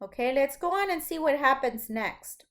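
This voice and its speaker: A woman's voice: sits high, expressive, normal speed, a bit bright. A woman teaching first grade, reading a story aloud and patiently explaining it to young children. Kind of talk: classroom read-aloud lesson.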